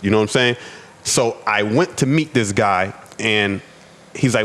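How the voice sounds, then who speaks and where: A man's voice: on the low side, normal speed. A man from the United States, a podcast guest, telling his own story earnestly and often repeating words as he goes. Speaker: podcast guest, restaurant owner. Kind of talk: personal storytelling.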